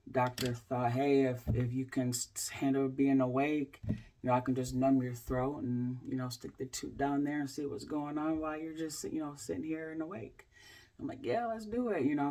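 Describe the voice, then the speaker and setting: A woman in her forties, a health coach, telling a candid personal story to camera in a halting way, with many fillers and restarts. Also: very deep voice, flat delivery, mellow. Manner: candid, speaks in plain everyday terms.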